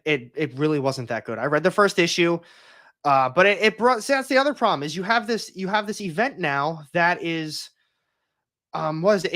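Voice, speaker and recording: A young man chats on his livestream in a slightly higher voice, rambling and opinionated. He keeps restarting his sentences as he talks. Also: sharp tone. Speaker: comics YouTuber hosting a livestream. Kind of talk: casual livestream chat.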